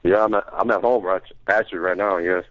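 A male caller speaks hesitantly, filling gaps and keeping his answers short. His voice sits fairly low. The line sounds dull and lo-fi. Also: steady tone, fast. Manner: hesitant, short replies, many fillers. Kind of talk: phone-in chat. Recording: dull lo-fi phone-in audio.

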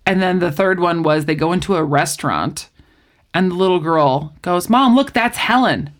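A woman in casual conversation, telling a story with lively acted-out quotes. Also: on the low side, normal speed. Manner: animated storyteller, acts out quoted voices. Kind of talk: casual chat.

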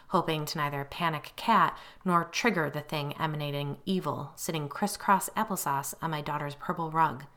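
Middle aged woman reading her memoir audiobook, low voice, bright and pushy tone. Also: a little fast, hardly any pauses. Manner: expressive storytelling, acting out her own quoted lines. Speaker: audiobook narrator. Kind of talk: first-person memoir narration.

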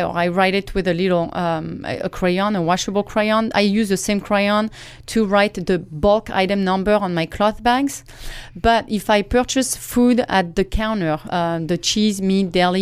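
A woman's voice: mid-range voice, clean tone, no room sound. A woman guest being interviewed in a studio, explaining her everyday habits step by step in a practical way. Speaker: guest author. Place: radio studio.

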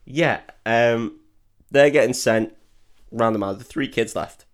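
Speaking slowly in a medium-pitched voice, a man recaps a film for his podcast in a loose, casual chat. He swears, cracks jokes, and shouts out characters' lines in put-on voices.

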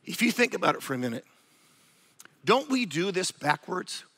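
A man preaching a sermon, animated and acting out quoted voices of spouses. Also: high voice, moderate pace. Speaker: pastor.

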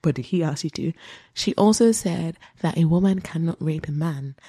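A woman host retelling a true-crime story in casual chat, animated, with asides. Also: sits low, moderate pace, slightly rough. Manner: animated, with quoted voices and asides. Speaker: podcast host.

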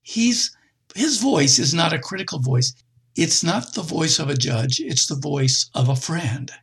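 A middle-aged man preaching a conversational sermon, with expressive jumps in pitch. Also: measured pace, breathy edge.

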